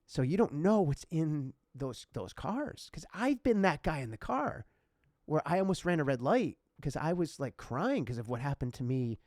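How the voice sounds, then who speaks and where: A man's voice: a little high, big pitch swings, moderate pace, a little mellow, no room sound, clean studio sound. A man co-hosting a podcast who tells a personal story in an earnest, rambling way, with many restarts and asides. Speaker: podcast co-host.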